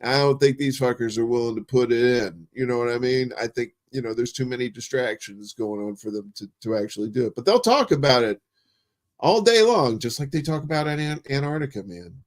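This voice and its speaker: A man's voice: mid-range voice, lively intonation, fairly quick. A man chatting as a podcast guest, laid-back and rambling, swearing freely. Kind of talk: casual podcast chat.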